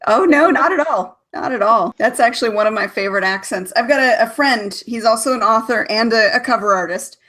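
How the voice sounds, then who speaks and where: A woman's voice: on the high side, a little fast, few pauses. Chatty American woman host. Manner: warmly enthusiastic, chatty. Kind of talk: casual interview chat.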